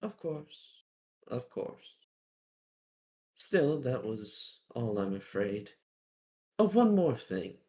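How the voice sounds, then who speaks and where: A man voicing a sly, mysterious male keeper who speaks in a slow, breathy, riddling way. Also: medium pitch, very animated, dark tone. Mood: teasing.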